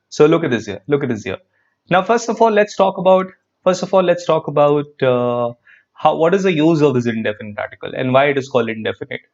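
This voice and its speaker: A man's voice: a little high, lo-fi sound. A man teaching an English grammar class live online, repeating key phrases and asking students questions. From India.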